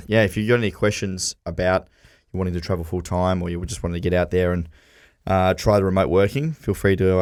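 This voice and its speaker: A man's voice: sits low, no room sound, studio quality. A laid-back man co-hosting a casual podcast, giving short replies with easy laughs. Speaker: podcast co-host.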